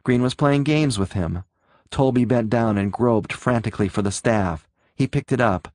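A man reads a story aloud in a steady, measured narration. His voice sits in a middle range, recorded close and dry. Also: mid-range voice, dry recording. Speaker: audiobook narrator. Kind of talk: scripted narration.

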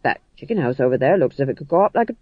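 A man voicing a loud, overeager male sergeant in an audiobook reading. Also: medium pitch, sing-song, very fast, no echo, dull audio, voice pushed down. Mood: eager. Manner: barking, blunt. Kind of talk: audiobook narration.

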